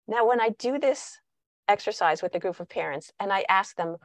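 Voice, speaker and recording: Woman speaker, parenting talk, lively delivery, dry sound. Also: mid-range voice, moderate pace, dry recording. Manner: animated, acts out quoted dialogue. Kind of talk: presentational talk.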